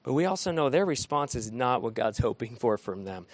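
A man preaching an interactive sermon, animated and often asking his listeners questions. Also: medium pitch, fairly quick, no echo. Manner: animated, asks the room questions.

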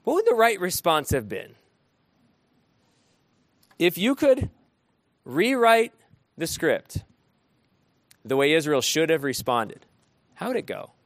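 A man preaching an interactive sermon, animated and often asking his listeners questions. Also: on the high side, takes it slowly, long pauses, no room sound. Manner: animated, asks the room questions.

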